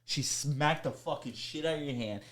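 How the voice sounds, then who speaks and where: A man hosting a casual chat, telling rowdy stories and acting out the people in them in loud, raised voices, with plenty of swearing and laughter. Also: normal speed. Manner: animated storyteller, acts out coworkers in loud high voices, swears a lot, laughs often. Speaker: podcast host.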